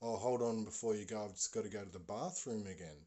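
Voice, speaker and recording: A man's voice: lowish voice, fast, mellow, close to an everyday voice. A man voicing a twitchy, pushy young woman on a date, in a light, offhand tone. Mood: breezy.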